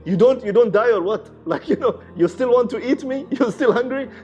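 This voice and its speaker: A man voicing an exasperated male corpse washer in a retold true story, with incredulous, high-pitched outbursts. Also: expressive, a little fast, a little mellow. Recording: slightly muffled, faint music behind.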